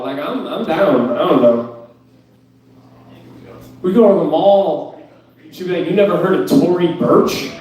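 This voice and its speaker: A man's voice: on the high side, expressive, unhurried, pauses often, darkish tone, very echoey, far from the mic, poor audio. A young man doing a stand-up set at an open mic, ranting in a profane, incredulous, self-mocking way. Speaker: stand-up comedian. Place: club stage.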